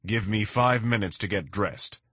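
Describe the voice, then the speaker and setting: A man voicing a brash, pushy rich man in an audiobook, loud and demanding. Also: on the low side, moderate pace, slightly rough, no echo, clean studio sound, voice pushed up. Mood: wary.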